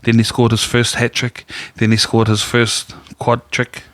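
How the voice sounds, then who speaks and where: A man's voice: medium pitch, completely flat delivery, unhurried, fairly bright tone, dry recording. A man, co-hosting a podcast and telling a long rambling story in casual chat. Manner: rambling anecdotal storyteller, quotes people in his own voice. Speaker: podcast co-host.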